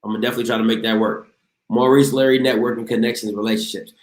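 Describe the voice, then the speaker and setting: A man's voice: mid-range voice, steady tone, racing. A man hosting a casual call-in show, talking in a laid-back drawl with frequent exclamations. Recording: roomy echo.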